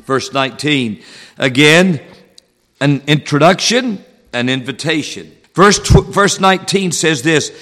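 A man delivers a sermon with a high-pitched voice, measured and deliberate, drawing out key words for emphasis. His voice carries a long reverb from a church sanctuary. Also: expressive, a bit bright. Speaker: pastor.

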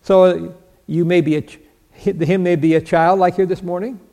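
Older preacher with a gravelly, high voice. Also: male voice, fairly even intonation, fairly quick, warm tone. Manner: asks the listeners questions and answers them, chuckling. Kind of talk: sermon with Bible teaching. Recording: long reverb of a large hall.

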